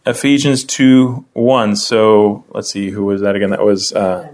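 A man runs a casual Bible study with easy conversational talk, calling on members of the group by name to read. His voice keeps lifting higher as he warms to an explanation. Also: a little slow. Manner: lively, often rising in pitch when explaining. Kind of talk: casual classroom teaching.

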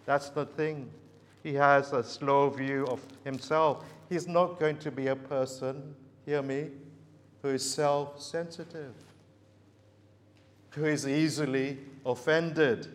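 A man preaching a sermon, slow and emphatic, repeating his key phrases. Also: on the high side. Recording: long hall reverb.

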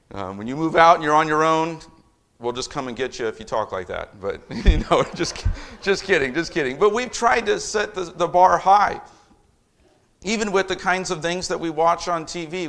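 A middle-aged man preaching a sermon as a pastor, emphatic, with loudness that rises and falls. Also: mid-range voice.

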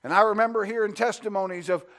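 High-voiced man preaching a fervent sermon. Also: steady tone, fast, fairly bright tone. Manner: fervent, builds through repeated phrases; asks the congregation rhetorical questions.

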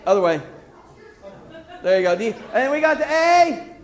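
A man leading a children's church song game, coaxing the kids and singing and shouting cues. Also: very high-pitched, very animated, normal speed, a faint crowd.

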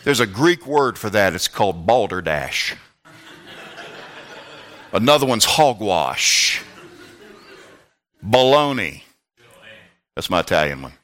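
A male pastor preaching a sermon, swinging between loud, pleading passages and quiet, low asides. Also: big pitch swings, slow pace, pauses often.

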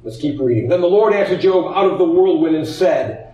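A man preaching a sermon, expressive, acting out the voices in the story he tells. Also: a little high, brisk, muffled recording. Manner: expressive, acts out quoted voices. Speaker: pastor. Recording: echoey room, heard from a distance.

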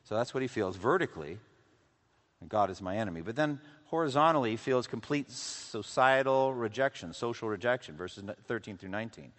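A man preaching a sermon, swinging from loud, intense passages to hushed, quiet lows. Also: lively intonation, a little fast. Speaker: pastor. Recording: long hall reverb.

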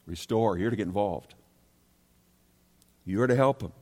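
A man's voice: fairly low pitch, a little slow, dark tone. A male pastor preaching a sermon, emphatic, and he keeps rising into pleading questions. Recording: long hall reverb.

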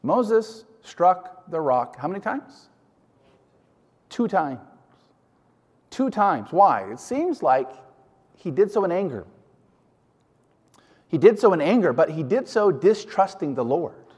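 A man's voice: high-pitched, big pitch swings, takes it slowly, long pauses, a little mellow, husky. A man preaching a sermon, emphatic, often putting questions to his listeners. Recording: hall reverb.

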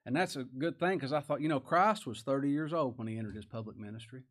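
A pastor preaches a sermon in a medium-pitched voice, talking fast. He chuckles often and rises into loud, emphatic bursts.

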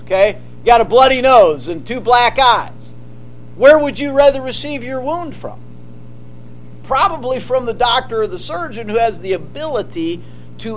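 A man's voice: very high-pitched, animated, moderate pace, a little hiss or hum, low-quality recording. A man preaching a sermon, emphatic and often asking his listeners questions. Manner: emphatic, asks the congregation questions. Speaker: pastor.

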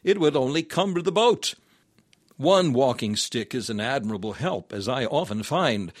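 A man's voice: medium pitch, no room sound, clean studio sound. A man reading an old-fashioned sermon aloud in an earnest, exhorting, solemn manner. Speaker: sermon reader.

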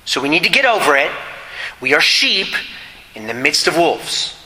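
A man's voice: a little high, big pitch swings, moderate pace, sharp tone. A man preaching a sermon to a congregation, earnest and emphatic, repeating his key points. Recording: echoey hall with long reverb.

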